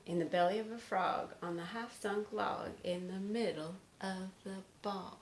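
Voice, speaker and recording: A woman teacher reading a picture book aloud to children at home, with big swoops in pitch. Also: unhurried, hardly any pauses. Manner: expressive read-aloud with big pitch swings. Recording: roomy sound with faint noise.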